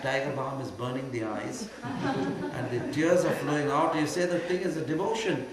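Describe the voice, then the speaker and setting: An older man from India with an Indian accent, a spiritual teacher answering questions in an emphatic way that moves from quiet to loud. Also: mid-range voice, lively intonation, moderate pace, crowd noise. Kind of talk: spiritual Q&A talk. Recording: very echoey hall with faint hum.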